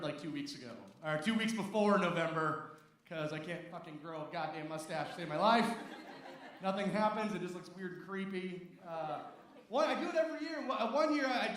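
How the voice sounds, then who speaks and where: A man's voice: high-pitched, fairly bright tone. A man doing a rambling, self-mocking stand-up set with crude jokes, on stage in a comedy club. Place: comedy club stage before a live audience. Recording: roomy, distant live club recording.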